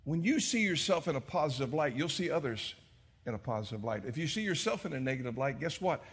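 A middle-aged male pastor preaching a sermon, telling stories and swinging from hushed tones to shouts. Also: on the high side, big pitch swings, fast talker, husky, in a large hall. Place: church sanctuary.

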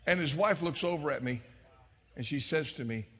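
Male pastor, middle-aged, bright and slightly raised voice, storytelling sermon that swings from soft to loud in a church sanctuary. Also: fairly high pitch, normal speed, in a large hall, slight background noise. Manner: storytelling preacher, swings from hushed to shouting.

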